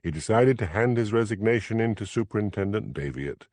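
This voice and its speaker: A man reading an audiobook mystery as narrator, in measured, expressive storytelling. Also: on the low side, dry recording. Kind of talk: scripted narration.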